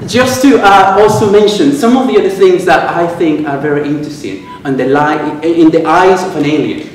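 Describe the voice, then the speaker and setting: A man from Venezuela with a Venezuelan Spanish accent, giving a humorous speech at a club and pausing for laughs as he tells stories. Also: a little high, a little hiss or hum. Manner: storytelling with quoted exchanges, pausing for audience laughs. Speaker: club speaker. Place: club meeting room. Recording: echoey room, miked from a distance.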